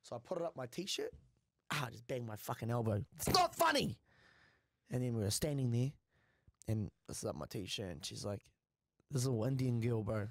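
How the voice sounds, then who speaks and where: A young man with a New Zealand accent, co-hosting a podcast and telling stories in a crude, slangy, animated way. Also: mid-range voice, brisk, dry recording, clean studio sound. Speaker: podcast co-host. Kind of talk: casual podcast chat.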